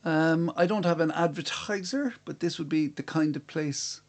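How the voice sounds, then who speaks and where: A man's voice: on the high side, normal speed. A man hosting a live-streamed quiz from home, reading out questions and answers with chatty, self-mocking asides. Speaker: quiz host. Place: room at home.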